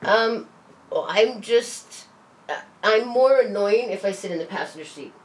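Animated swearing woman, roomy and distant. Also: medium pitch, unhurried. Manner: animated storyteller, swears, laughs often. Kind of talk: casual chat. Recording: roomy, off-mic, faint hiss.

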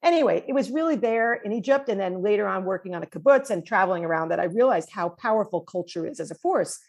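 Chatty, husky-voiced woman psychologist. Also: mid-range voice, fast. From New York. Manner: animated, chatty storytelling with fillers. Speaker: cross-cultural psychologist guest. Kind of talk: conversational interview.

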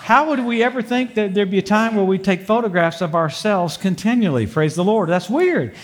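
A man's voice: high voice, moderate pace. An older man in his sixties preaching a sermon to a congregation in a church, folksy and humorous, dropping in praise and amens between stories, then leading a prayer. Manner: folksy, humorous storytelling with frequent praise interjections. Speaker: pastor. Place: church sanctuary before a congregation.

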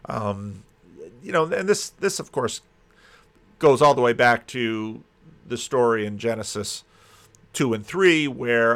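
Man, bible teacher, conversational scripture commentary, thinks aloud, emphatic, mid-pitched voice. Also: animated, slow pace, long pauses, a bit bright.

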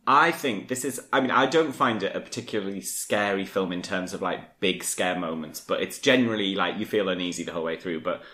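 A man's voice: low-pitched, brisk, hardly any pauses, bright, forceful tone. A man co-hosting a podcast, discussing a film thoughtfully and analytically in casual chat. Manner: thoughtful, analytical, with light laughter. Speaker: podcast co-host. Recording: echoey room.

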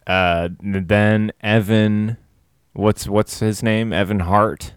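A man casually pitching dialogue ideas for a comedy script, with hesitant fillers. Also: fairly even intonation, slow pace, clean tone, dry recording, studio quality. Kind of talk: casual brainstorming chat.

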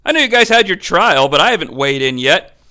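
A man's voice: fairly high pitch, very animated, a little fast, sharp tone, pitched below the performer's own voice. A man voicing a profane, irritable roman governor with a blunt, crude way of asking questions. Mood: irritated. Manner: blunt, crude, bored interrogating.

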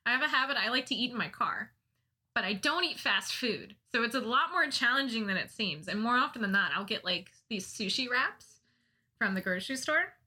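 A woman's voice: on the high side, lively intonation, fairly quick, sharp tone, breathy edge. A woman on a podcast telling funny stories about herself in casual chat, laughing often, self-mocking and swearing now and then. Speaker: podcast co-host.

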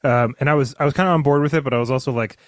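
A man talking through a book with a friend in a loose, rambling way, full of fillers, restarts and quick acted-out impressions. His voice sits at an ordinary pitch and sounds close and dry, with no room around it. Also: no echo. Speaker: podcast co-host. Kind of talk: casual book discussion.

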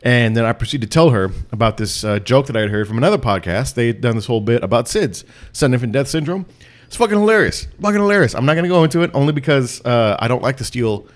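A man co-hosting a casual podcast, cracking crude jokes and telling stories. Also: mid-range voice. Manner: crude joker, fast talker. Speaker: podcast co-host.

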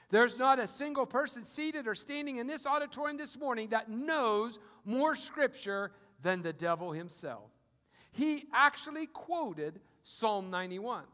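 A man preaching a sermon to a congregation, swinging from quiet asides to loud, booming quotations of scripture. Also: expressive, measured pace. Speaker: pastor. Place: auditorium. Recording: long hall reverb.

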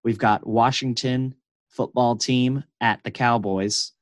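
A man's voice: medium pitch, takes it slowly, no echo. Playful young man chatting casually. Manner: excitable, playful, lots of fillers. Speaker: podcast co-host. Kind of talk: casual sports chat.

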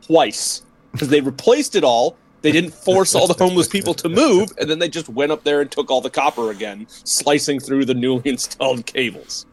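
A man's voice: a little high, normal speed. A man co-hosting a podcast, telling stories in a casual chat with dry, exasperated sarcasm. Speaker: podcast co-host.

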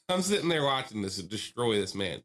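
A young man in casual podcast chat, telling stories with lots of energy. He swears freely, and his voice climbs high when he acts out the people he quotes. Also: sing-song, moderate pace, a bit bright. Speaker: podcast co-host.

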